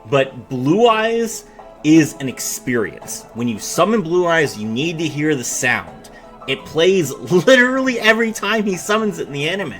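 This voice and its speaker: A man's voice: on the high side, very animated, moderate pace, a bit bright, faint music behind. A man giving casual, blunt commentary while rating game animations, with many filler words. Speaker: game reviewer host.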